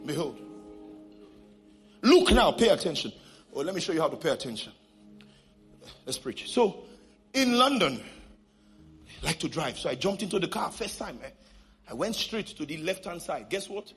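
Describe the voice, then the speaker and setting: A male pastor with a Nigerian accent, preaching a sermon to a congregation and leading shouted declarations. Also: fairly high pitch, sing-song, moderate pace, long pauses, soft background music. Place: church hall with congregation.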